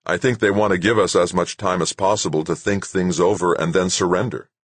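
A man's voice: deep voice, fairly even intonation, fairly quick, no room sound, voice pushed up. A man playing a tense, firm moonbase chief.

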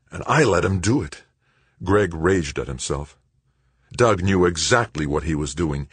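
A man reading an audiobook in a measured, dramatic narration. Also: low voice, breathy edge, no room sound. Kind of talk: scripted narration.

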